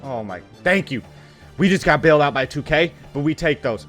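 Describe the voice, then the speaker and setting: A fairly high-voiced man commentates on his own basketball video game, swinging between excitement and exasperation as he scolds the players on screen. His talk is casual and full of slang and swearing. Faint game music plays behind him. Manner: excitable, quickly frustrated, talks to the players on screen. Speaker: gaming channel host.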